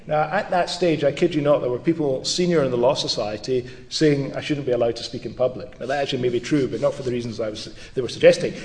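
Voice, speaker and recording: In a lecture hall with an audience and long reverb, a middle-aged law professor gives a public lecture. His medium-pitched voice is a little mellow, and he speaks with wry, dry humour, occasionally restarting his sentences.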